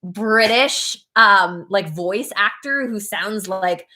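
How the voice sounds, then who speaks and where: A woman's voice: medium pitch, slow pace, pushed and bright. A woman hosting a casual birthday livestream, chatty and giggly, telling stories with plenty of fillers.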